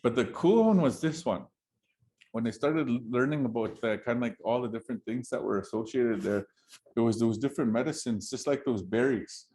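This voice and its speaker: A man's voice: medium pitch, fairly quick, mellow. A man telling a traditional story to an audience in a casual, chatty way, laughing often and checking in with his listeners.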